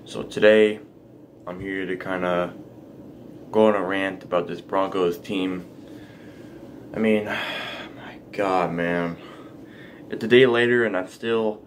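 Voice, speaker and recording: A man's voice: deep voice, steady tone, a little slow, pauses often, slight background noise. Young guy fuming about his team, swearing a lot, repeats himself. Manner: profane, heated, repetitive ranting. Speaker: sports fan vlogger. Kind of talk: angry sports rant.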